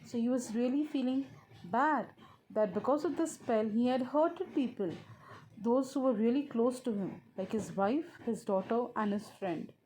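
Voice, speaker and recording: Brief: woman teacher, slightly high voice, patient explanations for children. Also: dark tone, a little hiss or hum. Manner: slow, explanatory, repeats "students". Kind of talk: explaining a story lesson to young pupils.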